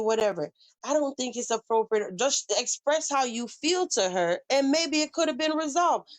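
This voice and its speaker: A woman with a Southern US accent hosts a casual live stream, speaking straight to her chat in a blunt, heavily profane way. Her voice is medium-pitched and expressive, at a moderate pace.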